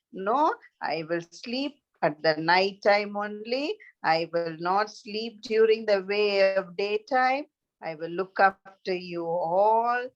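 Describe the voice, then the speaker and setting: A woman's voice: mid-range voice, lightly acted. A woman voicing a grumpy, hungry king who scolds his sleeping court. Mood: apologetic. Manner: complaining, scolding. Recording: dull lo-fi recording.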